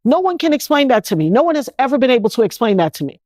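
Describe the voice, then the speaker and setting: A middle-aged woman from New York, an interview guest telling her own story in an animated, indignant way and slipping into other people's voices. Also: high voice, rapid-fire, no echo. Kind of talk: emotional first-person storytelling.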